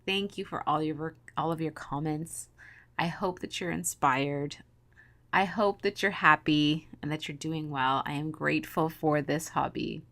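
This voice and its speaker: A woman's voice: low voice, steady tone, unhurried, a bit bright. A woman in her thirties, hosting a scrapbooking video, chatting casually to viewers in a morning voice, upbeat and rambling with frequent laughs. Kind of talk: casual chat to viewers while crafting.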